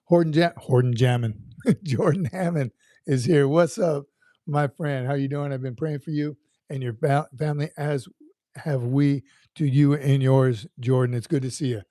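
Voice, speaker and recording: A man's voice: medium pitch, fairly even intonation, normal speed, warm tone, no room sound, clean studio sound. A man hosting a casual livestream, greeting viewers by name in an upbeat, folksy, rambling way. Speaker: livestream host.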